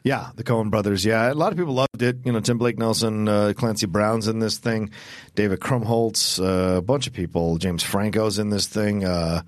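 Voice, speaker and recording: A man's voice: fairly low pitch, steady tone, moderate pace, no echo, studio quality. A man co-hosting a podcast, chatting casually about movies, rambling and swearing freely. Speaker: podcast co-host.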